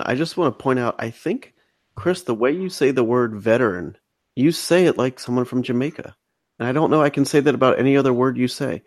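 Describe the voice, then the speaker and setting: A man's voice: mid-range voice, darkish tone, no echo. A man co-hosting a podcast, chiming in with wry teasing in a casual chat. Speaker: podcast co-host.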